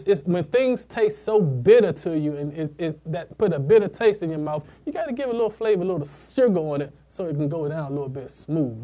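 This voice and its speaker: A man's voice: fairly high pitch, mellow. Laid-back slangy radio host man. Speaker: internet radio show host. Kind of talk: casual talk show chat.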